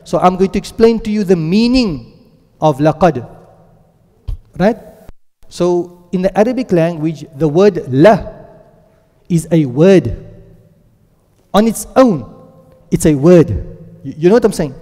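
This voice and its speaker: A man's voice: high-pitched, expressive, a little slow, pauses often, mellow. A man teaching a Quran and Arabic grammar class, who keeps asking the class questions and drilling words aloud. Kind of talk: classroom lecture. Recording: long echo of a lecture hall.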